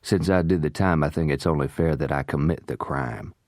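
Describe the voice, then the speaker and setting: A man's voice: very deep voice, a little fast, darkish tone, no echo, studio quality. A man reading aloud voices a vengeful man who taunts his captive in a mocking drawl. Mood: taunting.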